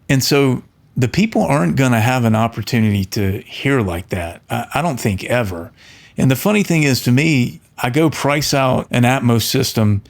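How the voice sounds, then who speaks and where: A middle-aged man, an audio engineer, talking earnestly to camera and telling a story, often restarting his words. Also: on the low side. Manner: earnest, storytelling, with frequent restarts and animated quoted voices. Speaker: audio engineer and channel host. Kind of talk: casual talk to camera.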